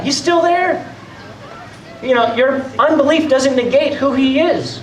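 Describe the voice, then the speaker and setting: Conversational high-voiced male pastor, echoey hall. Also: moderate pace. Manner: conversational, acts out doubters' voices. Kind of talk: sermon. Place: church hall. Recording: roomy echo, mic at a distance.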